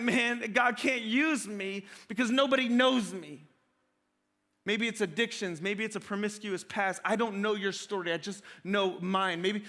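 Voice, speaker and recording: A man's voice: sits high, sharp tone. A middle-aged male pastor preaching a sermon in a conversational, slangy, joking storytelling way.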